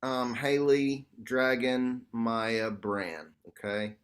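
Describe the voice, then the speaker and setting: A man's voice: mid-range voice, drawn-out words. Casual man leading an online workshop. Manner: casual, animated, slangy, addresses group as y'all. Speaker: workshop facilitator. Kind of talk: online group workshop teaching. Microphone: video call.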